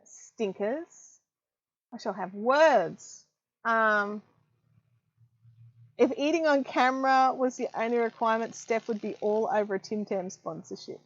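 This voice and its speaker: A woman chats through a home craft live stream, reading out viewer comments with plenty of ums. Her voice sits a little high for a woman. The audio is slightly dull and lo-fi. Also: unhurried. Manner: chatty, reads viewer comments aloud, many ums. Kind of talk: casual live-stream chat.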